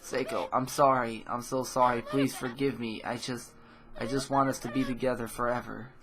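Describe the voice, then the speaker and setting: A man's voice: mid-range voice, level tone, moderate pace, natural voice. A man reading as a tearful remorseful schoolgirl. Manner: tearful, apologetic.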